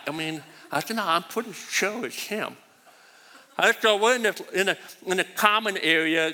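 Bright-voiced man preaching in a reverberant hall. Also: fairly high pitch. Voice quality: distinctive voice he calls bad. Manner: rambling, repeats words, self-mocking. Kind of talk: sermon with personal story.

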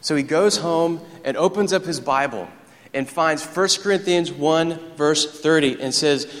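Excitable preacher in an echoey hall. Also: male voice, on the high side, a little slow. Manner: animated, storytelling preacher who gets excited. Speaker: pastor. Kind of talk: sermon. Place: church sanctuary.

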